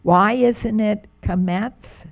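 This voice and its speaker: A woman's voice: mid-range voice, vocal fry. A middle-aged woman teaching Hebrew grammar to a class, pronouncing words patiently and drawing them out. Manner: patient, drawn-out pronunciation of words. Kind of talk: slow, careful classroom explanation.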